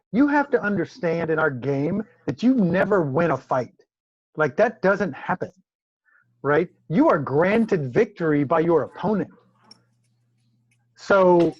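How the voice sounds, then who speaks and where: Co-host, male, high voice, animated and profane, lo-fi dry audio. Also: no room sound. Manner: animated storyteller, swears freely. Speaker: co-host fighter. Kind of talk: casual chat.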